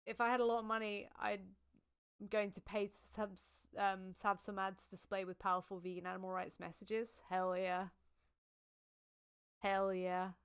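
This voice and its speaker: A woman's voice: mid-range voice, little pitch movement, a little fast, a bit bright, smooth. A woman hosting a casual livestream, chatty and giggly as she thanks viewers and reads comments. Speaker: livestream host.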